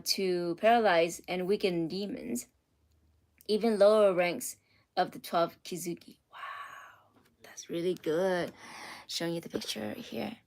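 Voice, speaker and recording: Slow-talking woman livestreaming her art. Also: medium pitch. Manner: chatty, reads out viewer comments, drifts into soft near-whispers. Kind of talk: casual livestream chat with viewers.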